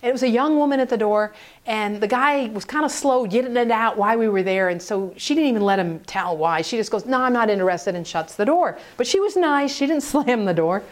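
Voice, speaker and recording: A woman speaking on prayer ministry, telling a story in an animated way and acting out the voices of the people in it. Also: a little high, brisk. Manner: animated, acts out quoted voices. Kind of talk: storytelling talk.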